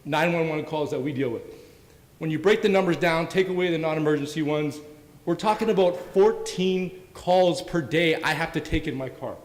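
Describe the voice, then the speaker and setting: Man, police officer, earnest anecdotal storytelling, fairly high voice, long hall reverb. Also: moderate pace. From Windsor, Canada. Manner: earnest, anecdotal, tags lines with "right?". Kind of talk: storytelling on a community panel. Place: event hall.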